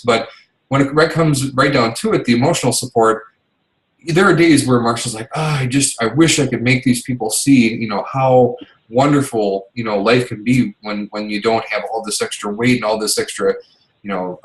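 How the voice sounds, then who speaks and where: A middle-aged man with an everyday mid-range voice chats casually, rambling with plenty of fillers and false starts. He acts out little back-and-forth exchanges as he goes. The room around him is roomy and echoey. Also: mid-range voice. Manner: rambling, chatty, many fillers and restarts, acts out quoted exchanges. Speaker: business coach's husband sharing tips. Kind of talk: casual talk to an online audience.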